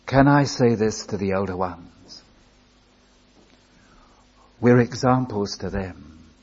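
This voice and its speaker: An older man preaching a sermon, telling a story slowly and building to emphatic appeals. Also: on the low side, a little mellow, dull audio. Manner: slow, deliberate storytelling with rising emphatic appeals.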